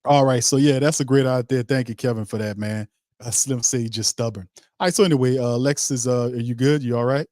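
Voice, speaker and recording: A man's voice: mid-range voice, steady tone, brisk, darkish tone, no room sound. Male podcast host, mid-range voice, slangy and emphatic, dry close mic. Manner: loose, emphatic, slangy delivery with many restarts. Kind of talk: casual sports talk show.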